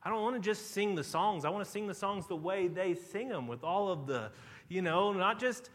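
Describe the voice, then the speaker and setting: A middle-aged man preaching a sermon, talking in an earnest, conversational way that often drops to a hush. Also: high voice, animated, normal speed, long reverb tail. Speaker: pastor.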